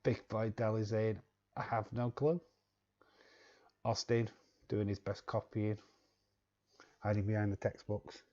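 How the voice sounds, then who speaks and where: English male streamer, quiz host, unhurried and joking, low pitch. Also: level tone, dark tone, muffled recording. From England. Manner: joking, chuckling, repeats words while reading chat. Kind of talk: casual live-stream chat.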